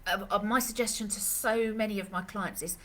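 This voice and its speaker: A woman's voice: mid-range voice, fairly even intonation, a little fast. A woman dog trainer answering questions in a live Q&A, chatty and rambling, with lots of fillers and restarts, speaking. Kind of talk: live Q&A session.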